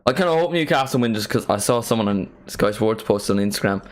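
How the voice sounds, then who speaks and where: An Irish man hosts a live football watchalong, talking casually to his viewers. His voice sits fairly low, and his chat wanders and pokes fun at himself. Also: lively intonation, fast talker. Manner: rambling, chatty and self-mocking. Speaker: football streamer hosting a watchalong.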